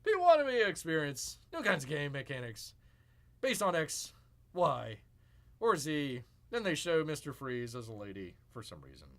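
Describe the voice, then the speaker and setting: Animated, bright-voiced male streamer. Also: fairly high pitch, moderate pace. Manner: sarcastic, animated, mock-exasperated reactions. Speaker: streamer host. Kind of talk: live-stream commentary.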